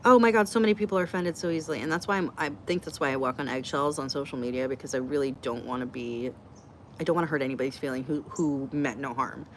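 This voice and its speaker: A woman's voice: rumbling low, fast talker, a little hiss or hum. A middle-aged woman hosting a casual live Q&A, chatty, blunt and joking as she reacts to comments from her viewers. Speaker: livestream host answering chat.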